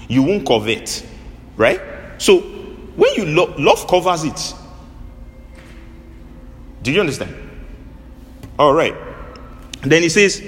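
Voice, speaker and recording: A man preaching a sermon, drawing answers from his listeners with repeated questions. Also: on the high side. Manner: animated call-and-response preaching. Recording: long hall reverb, faint ambience.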